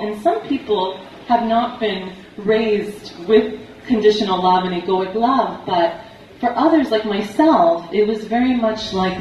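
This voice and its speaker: A woman's voice: fairly high pitch, lo-fi sound, a little hiss or hum. An earnest young woman tells her own story to a room full of people, her voice lifting whenever she acts out what others said. She sounds far from the mic in a very echoey space, with faint room ambience underneath. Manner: earnest storytelling, animated when quoting. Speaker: relationship coach speaking to an audience. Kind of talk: personal story talk to a live audience. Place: event hall.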